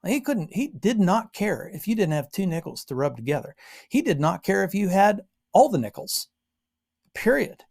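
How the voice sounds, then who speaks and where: Lively low-voiced American woman teaching. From Western Pennsylvania, USA. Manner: animated storytelling with frequent asides. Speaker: Bible teacher. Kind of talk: informal Bible exposition.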